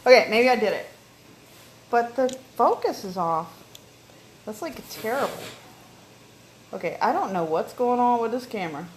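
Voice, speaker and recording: A woman's voice: fairly high pitch, expressive, normal speed, long pauses, slight background noise, low-quality recording. A woman casually showing off her kitchen appliances at home, chatting and checking in with her viewers as she goes. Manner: chatty, keeps checking in with "okay?". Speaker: home cook vlogger.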